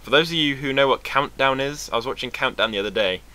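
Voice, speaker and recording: A young British man from England talking to camera in a casual, rambling vlog, sarcastic and quick to swear. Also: medium pitch, bright, forceful tone. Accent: British English. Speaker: vlogger.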